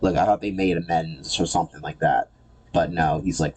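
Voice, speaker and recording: A man with a notably low voice talks through a comic book run in a loose, casual way. He is sarcastic and irreverent, and he often stumbles and repeats words mid-sentence. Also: steady tone, fairly quick, a little mellow, slightly rough. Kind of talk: casual commentary.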